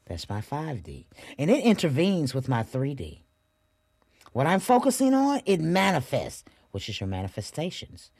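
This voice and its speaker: Husky-voiced woman reciting affirmations. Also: a bass voice, very animated, moderate pace, dry recording, studio quality. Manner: emphatic, repeating affirmations; addresses listeners directly and warmly as a group. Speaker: podcast host. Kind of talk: spiritual motivational podcast monologue.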